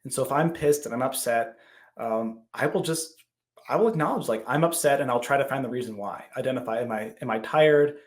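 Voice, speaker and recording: A man in his thirties, guesting on a podcast, talks a little fast with a mid-range voice. His casual chat is full of animated storytelling, where he acts out the things he said.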